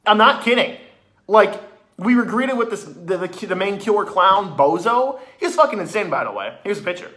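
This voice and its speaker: Casting: excitable male vlogger, high, very lively voice, swears freely. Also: moderate pace. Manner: excitable, swearing, animated retelling with restarts. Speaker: vlogger reviewing a haunted attraction. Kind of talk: excited casual review.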